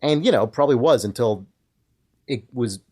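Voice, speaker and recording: A man in relaxed podcast conversation, working through ideas aloud in long sentences. He hedges often and leans on filler words. His voice sits at an ordinary middle pitch. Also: moderate pace. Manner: thoughtful, hedging, many filler likes. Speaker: podcast co-host. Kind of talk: casual podcast discussion.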